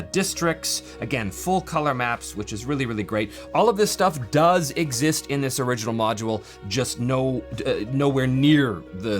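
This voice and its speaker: A man's voice: medium pitch, a bit bright. A man hosting a channel, casually walking through a game book with enthusiasm, rambling with many fillers and restarts. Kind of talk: casual product walkthrough.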